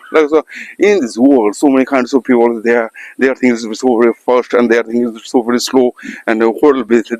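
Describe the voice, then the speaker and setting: A man talking to viewers in an unscripted practice monologue, halting and searching for words, with many restarts and fillers. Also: mid-range voice, no room sound, rough recording. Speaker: English practice vlogger. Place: outdoors by a road.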